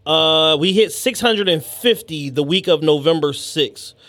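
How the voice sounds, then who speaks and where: A man co-hosting a casual podcast, with a fairly high voice recorded dry and close. He jumps into the talk quickly and reads out numbers when the topic turns to statistics. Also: fairly bright tone, dry recording. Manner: quick chiming-in, reads out stats. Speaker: podcast co-host. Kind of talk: casual chat.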